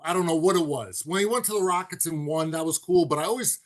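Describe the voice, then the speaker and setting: A man chatting casually on a sports podcast, telling animated stories and dropping into quick impressions. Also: a little high. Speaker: podcast co-host.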